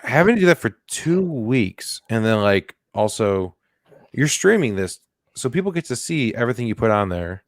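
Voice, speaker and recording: A man co-hosting a comedy news podcast in casual chat, jokey and goofy with animated bursts. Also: mid-range voice, moderate pace, no room sound, clean studio sound. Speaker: podcast co-host.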